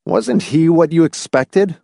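A desperate, broke man pleading and urging, as a male narrator voices him. His lines sit a little higher than the narration, lively and pressing. The sound is dry and close. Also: slow pace, dry recording, full character voice. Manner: urgent, pleading.

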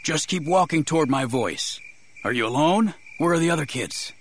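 A man's voice: a little high, normal speed, a little hiss or hum, voice pushed up. A man narrating an audiobook voices a ragged, exhausted, desperate male militia leader who snarls orders. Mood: warily calm. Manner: snarling, then warily calm.

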